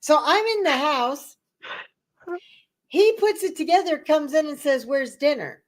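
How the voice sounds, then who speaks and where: High-voiced woman telling a profane story. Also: a little slow. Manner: profane, animated, acts out voices in her stories. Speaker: host of a live talk stream. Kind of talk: casual storytelling chat.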